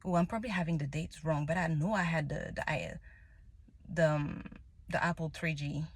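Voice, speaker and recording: A tarot reader tells a personal story in a casual spoken monologue, candid and emotional, with many restarts and laughs. Her low, slightly rough voice has fairly even intonation and a normal speed, with no room sound.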